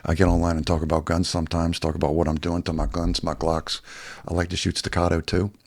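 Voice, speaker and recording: Deep gravelly man telling a blunt story. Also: little pitch movement, quick pace, a little mellow, no echo. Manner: profane, blunt, rambling. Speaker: YouTuber. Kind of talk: casual storytelling vlog.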